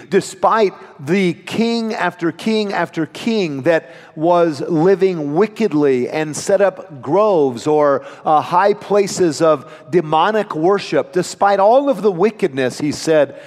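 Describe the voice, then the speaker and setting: A pastor preaching a sermon in an earnest, emphatic manner with dramatic pauses. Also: male voice, a little high, lively intonation, big-room sound. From United States.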